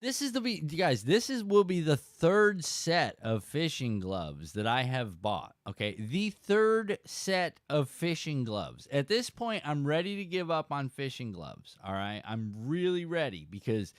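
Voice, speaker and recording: A man hosting a casual fishing livestream, telling a story with animated emphasis and chatting to viewers. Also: fairly high pitch, unhurried, hardly any pauses, no room sound, studio quality. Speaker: fishing channel host.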